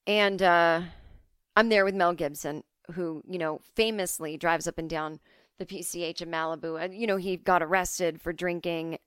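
A woman hosting a podcast, rambling through an absurd comic story in a deadpan way, recorded close on a studio mic. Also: fairly low pitch, normal speed, clear, resonant tone, no room sound. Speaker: podcast host and comedian.

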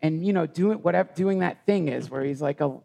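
A man telling a personal story in conversation, earnest and halting with many restarts. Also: on the high side, vocal fry, dark tone. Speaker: guest.

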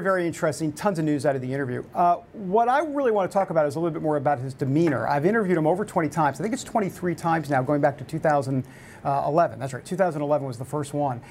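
Speaking slightly high and a touch mellow, the New York host delivers a casual, chatty monologue packed with fillers and false starts. A faint hiss or hum can be heard underneath.

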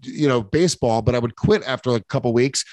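A man's voice: mid-range voice, quick pace, a little mellow, dry recording. A man hosting a casual podcast, rambling and swearing freely, with stammering restarts. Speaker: podcast host.

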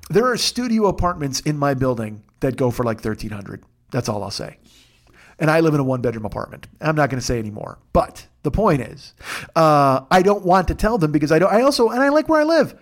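A man's voice: a little high, big pitch swings, fairly quick. A middle-aged man hosting a comedy podcast, ranting through a long profane story with self-mocking asides.

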